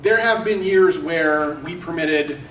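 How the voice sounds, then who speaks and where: This convention auctioneer, a man with a fairly high and slightly bright voice, takes his time as he brashly mocks people and tells crude stories to warm up a live audience for charity. The distant recording in the echoing hall carries a little hiss or hum.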